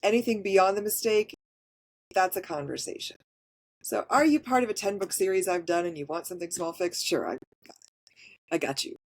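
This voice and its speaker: Plain-spoken woman voice actor, lowish voice. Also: lively intonation, moderate pace, long pauses. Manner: frank, matter-of-fact about her work. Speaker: voice actor guest. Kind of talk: casual podcast interview.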